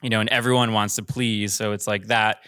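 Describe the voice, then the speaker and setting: A commercial director talks casually on a panel, with lots of fillers and a rambling way of telling his story. His voice sits a little low but sounds bright and smooth. The sound is dry and close. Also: flat delivery, fairly quick, dry recording. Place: theater.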